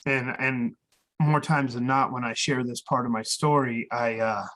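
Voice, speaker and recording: A man's voice: mid-range voice, fairly even intonation, a little slow, fairly bright tone. A man being interviewed as a guest, telling his own story candidly and with feeling, plain-spoken and now and then swearing. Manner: earnest, emotional, acts out quoted dialogue.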